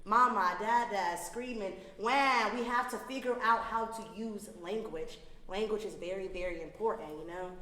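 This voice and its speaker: Young woman from Atlanta, podcast guest, earnest and explanatory, mid-pitched, roomy echoing recording. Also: normal speed, few pauses, sharp tone. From Atlanta, Georgia. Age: 20s. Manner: earnest, explaining wellness ideas at length. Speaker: podcast guest, wellness entrepreneur. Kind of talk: casual podcast chat. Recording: echoey room with long reverb.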